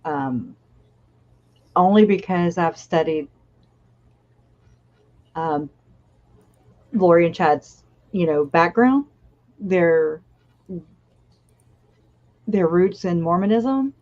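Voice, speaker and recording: A woman in relaxed conversation, her voice low and her pace unhurried. She stops and restarts her sentences and laughs often. The audio is a little dull and muffled. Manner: halting, laughs often, self-interrupting. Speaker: co-host of a true-crime live chat. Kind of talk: casual conversational chat.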